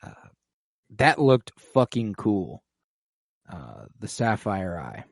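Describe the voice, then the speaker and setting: A man's voice: lowish voice, sing-song, slow pace, gravelly, dry recording. A man co-hosting a podcast who retells scenes in loose, profane casual chat. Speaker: podcast co-host.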